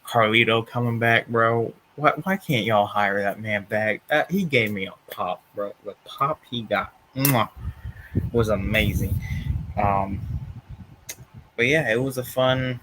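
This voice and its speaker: A man's voice: on the low side, measured pace, sharp tone, slight background noise, rough recording. A young man in casual chat, rambling and tired, yawning between thoughts, with many fillers and restarts. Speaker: vlogger reviewing wrestling shows.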